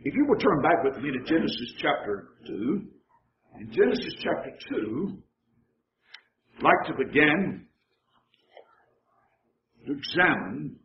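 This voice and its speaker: A man preaching a sermon as pastor, slow and measured with pauses. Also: a little high, very animated, a little hiss or hum. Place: church sanctuary. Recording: roomy church sound, slightly dull.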